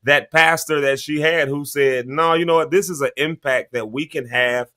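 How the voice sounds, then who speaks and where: A man's voice: fairly high pitch, fairly even intonation, moderate pace, bright, forceful tone. A man co-hosting a morning talk show, chatting casually, laughing often and teasing his co-hosts as he tells a story. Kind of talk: casual chat.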